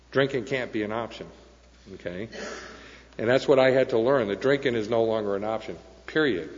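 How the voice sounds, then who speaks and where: Earnest man speaking in an echoing hall. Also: mid-range voice. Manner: earnest, punctuated with repeated "okay?" and "right?". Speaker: recovery meeting speaker. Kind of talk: sharing a personal story at a meeting. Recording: dull sound with long hall echo.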